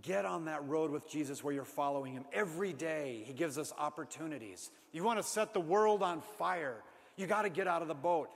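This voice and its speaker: A male preacher telling a story in dramatic sermon style, moving from loud exclamations to hushed asides. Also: fairly high pitch, animated, a little fast, gravelly, few pauses. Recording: long hall reverb.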